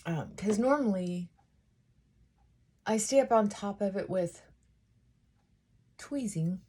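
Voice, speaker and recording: A woman vlogger chatting casually while getting ready, talking things through in a thoughtful, unhurried way with frequent pauses and fillers. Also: medium pitch, animated, warm tone, breathy edge. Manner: unhurried, reflective, thinking aloud.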